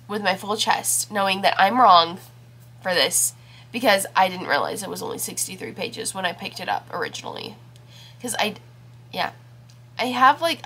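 This woman's voice is medium in pitch and fairly bright. In her casual book vlog she rambles through her week and what she's been reading, full of fillers, with a congested nose and scratchy throat.

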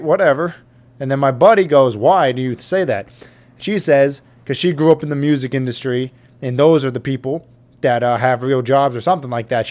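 Profane, fired-up young man ranting to camera. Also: fairly high pitch. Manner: profane, exasperated, fast storytelling. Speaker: YouTuber. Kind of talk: ranting storytime vlog. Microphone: studio mic on an arm with pop filter.

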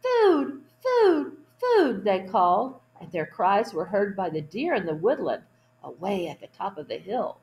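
Woman storytime reader, picture-book read-aloud, gentle asides to children. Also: fairly low pitch, expressive, moderate pace, vocal fry, echoey room, a little hiss or hum, rough recording. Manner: gentle asides to young listeners.

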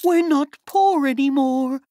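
A man voicing a poor, excitable mother who speaks in high, shrill cries. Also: takes it slowly, heavily acted. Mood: overjoyed.

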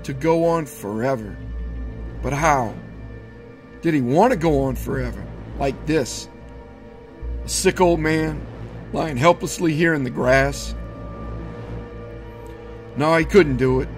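A man reads a horror story aloud, measured and steady. His voice sits a bit high for a man. Quiet music plays faintly behind the narration. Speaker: audiobook narrator.

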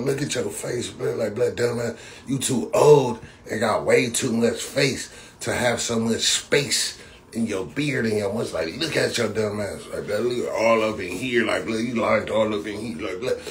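A man talks on a casual livestream, with a voice that sits a bit on the low side. He rambles and roasts in loose, repetitive bursts, often breaking into laughter. A faint background hiss sits under his voice. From Compton, California. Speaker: livestream host.

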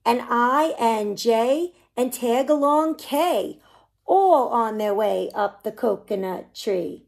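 A woman, a children's librarian, reading a picture book aloud to preschoolers with animated, singsong storytelling. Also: on the high side, slow, creaky. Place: library program recorded for online viewing.

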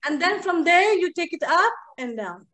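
Her very high voice swings widely in pitch as this young woman teaches young children phonics in a live online class, sing-song and coaxing, showering them with praise and endearments. She talks at normal speed, heard over a noisy computer or headset mic on a video call.

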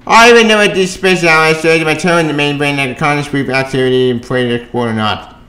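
Bright-voiced guy rambling sarcastically about comics, lots of restarts, echoey room. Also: fairly high pitch, quick pace. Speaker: comic book reviewer. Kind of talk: casual rambling review. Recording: roomy echo.

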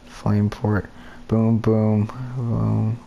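A man's voice: fairly low pitch, completely flat delivery, very slow, creaky, mellow, lo-fi sound. Man, gameplay commentary, fed-up muttering and cursing, hissy background noise. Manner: frustrated ranting, muttered swearing. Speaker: gamer.

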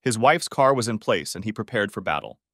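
A man narrating a dramatic audiobook story in an expressive voice, close to the microphone. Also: fairly low pitch, a little fast, no room sound.

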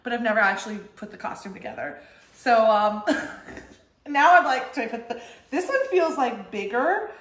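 A woman's voice: on the high side, pushed and bright, roomy sound. A young woman with a Texan accent, chatting through a casual unboxing vlog, giggling often and swearing casually. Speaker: vlogger.

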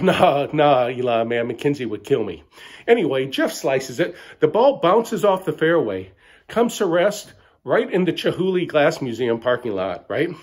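A man's voice: medium pitch, darkish tone, slightly rough. A middle-aged man telling a mock-bragging comic story in a boastful, bro-ish way, ending lines with "right?". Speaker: comedic storyteller.

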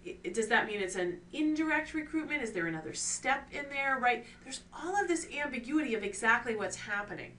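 Woman course lecturer with a bright, forward tone, teaching clearly with rhetorical questions, recorded from a little way off. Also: fairly high pitch, animated, brisk, few pauses. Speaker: course instructor. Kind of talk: recorded lecture on scientific writing. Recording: distant mic with faint ambient noise.

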